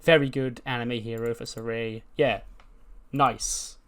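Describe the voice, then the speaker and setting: A man's voice: medium pitch, steady tone, a little slow, a bit bright, smooth. Chatty man recapping a wrestling sim. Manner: chatty, recapping with laughs and fillers. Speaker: gaming YouTuber. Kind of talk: casual commentary on a wrestling sim.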